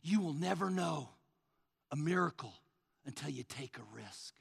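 A male pastor preaching a sermon, swinging between loud, rising passages and hushed, low asides. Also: lively intonation, a little slow, vocal fry, slightly rough, in a large hall.

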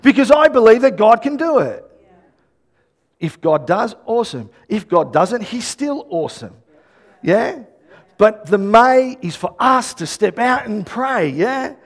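A man preaching a lively sermon, acting out little conversations and shouting his key points. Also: extremely high pitch, measured pace. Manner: animated, acts out quoted dialogue, shouts emphasis. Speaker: pastor.

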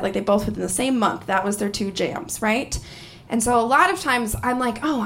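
A young woman performing stand-up comedy, telling stories in an animated way, often laughing and jumping up into high squeals. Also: slight background noise.

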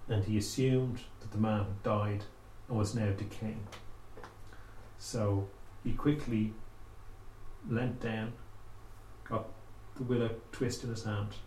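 A man telling a spooky folk tale aloud, with slow, dramatic pauses. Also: fairly low pitch, fairly even intonation, a little mellow, a little hiss or hum. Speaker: storyteller. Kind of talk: oral storytelling. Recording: echoey room, faint ambience.

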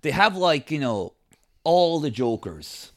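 Animated jokey male podcaster. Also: fairly high pitch, takes it slowly, dry recording, clean studio sound. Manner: jokey, rambling, does silly impressions. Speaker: podcast co-host. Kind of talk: casual podcast chat.

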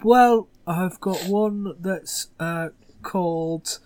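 A man's voice: high voice, extremely slow, a crowd in the background. A man voicing an easygoing male drummer bandmate, hesitant and full of fillers.

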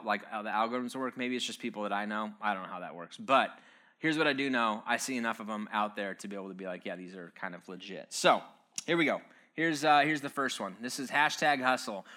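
Guy giving a chatty jokey talk, bright voice, lots of uhs. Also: on the low side. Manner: conversational and wry, with frequent fillers.

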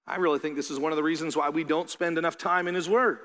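A man preaching a sermon as a pastor, animated, acting out the voices of his listeners. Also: a little high, a little fast. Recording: long hall reverb.

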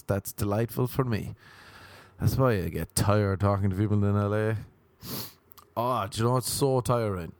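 An Irish man with a lowish voice rambles through a sardonic podcast rant. His talk is loose and conversational, recorded dry and close. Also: darkish tone, dry recording. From Ireland. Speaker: comedian and podcast host. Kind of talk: casual podcast chat.

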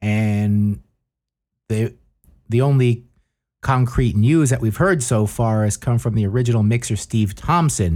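A man's voice: on the low side, a little mellow. A man hosting a podcast, reading news in casual chat with wry, offhand asides. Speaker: podcast host.

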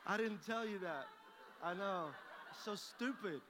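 A man's voice: high-pitched, lively intonation, unhurried, background noise. A man preaching a sermon as pastor, telling a folksy personal story and acting out both sides of the conversation. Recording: long hall reverb.

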